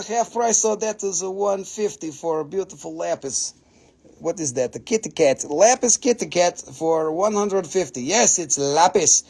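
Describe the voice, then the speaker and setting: High, gravelly man selling crystals live. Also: darkish tone. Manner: joking, profane, haggling. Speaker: host of a live crystal sale. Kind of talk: casual live sales stream.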